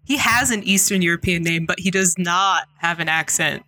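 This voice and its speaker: Bright-voiced woman making wry asides. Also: fairly low pitch, a little hiss or hum. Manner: wry, chiming in with quick asides. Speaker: podcast co-host. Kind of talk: casual chat.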